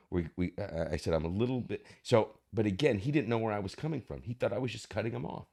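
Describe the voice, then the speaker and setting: A fast talker with a lowish, mellow voice and vocal fry, this man joins a podcast as an actor guest. He reflects as he tells stories, acting out the voices of the people in them.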